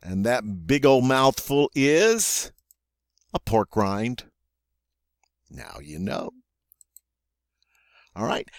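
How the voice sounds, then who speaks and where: A man teaching French vocabulary, playful and joking, saying each word slowly and twice before giving its meaning. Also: on the low side, sing-song, no echo, studio quality. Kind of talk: vocabulary lesson.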